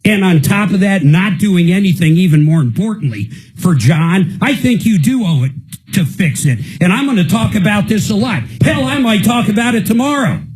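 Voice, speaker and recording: A man's voice: sits high, animated, moderate pace, darkish tone, slightly rough, low-quality recording. A male radio host on a live consumer call-in show, talking in a fired-up, indignant rant. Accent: American.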